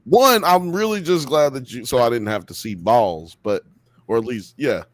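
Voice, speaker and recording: A man's voice: medium pitch, animated, moderate pace, no echo. A man co-hosting a live podcast who jokes around in a goofy, gross-out way. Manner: goofy and joking, given to gross-out humor. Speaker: podcast co-host. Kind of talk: casual banter on a live podcast.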